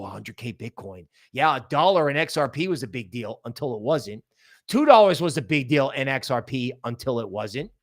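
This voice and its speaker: Guy hosting a crypto livestream, bit higher voice, keeps asking "right?", fired up and emphatic. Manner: animated, emphatic, repeats "right?"; rapid-fire rhetorical questions. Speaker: crypto channel host. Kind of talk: livestream commentary.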